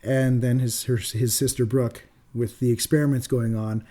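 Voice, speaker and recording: A man co-hosting a podcast, casually reviewing films with animated retelling and loose swearing. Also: medium pitch, moderate pace. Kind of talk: casual film review chat.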